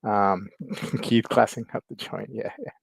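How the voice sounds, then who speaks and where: A man hosting a casual livestream chat, rambling, laughing often, and filling pauses as he reads viewer comments. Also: fairly low pitch, steady tone, gravelly, husky, no room sound. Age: adult with kids. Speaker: livestream host.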